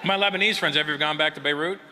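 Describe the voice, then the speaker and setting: A man's voice: a little high, rapid-fire. A man doing stand-up comedy before a live audience, telling crude, rambling stories, laughing at his own jokes and checking in with the crowd. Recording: noisy live club recording.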